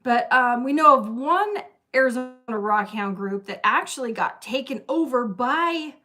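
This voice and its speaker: A woman's voice: fairly high pitch, animated, a little slow, sharp tone, faint music behind. A woman co-hosting a casual rockhound livestream, laughing often as she chats.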